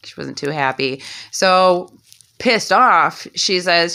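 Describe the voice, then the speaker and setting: A woman's voice: fairly low pitch, animated, slow pace, creaky, pushed and bright. A woman telling a comic story with sassy, slangy asides. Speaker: comedic storyteller.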